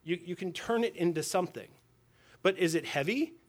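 A man delivers a sermon to a gathering of men in a slightly high voice. He preaches in a casual, talking way, asks rhetorical questions and says key lines twice. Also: expressive, a little fast. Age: adult with a daughter and wife. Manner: conversational preaching with rhetorical questions and repeated phrases. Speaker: pastor.

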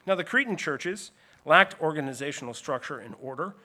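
A man's voice: fairly high pitch, expressive, brisk, pushed and bright. A man preaching a sermon, explaining scripture in an earnest teaching tone with emphatic lists. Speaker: pastor.

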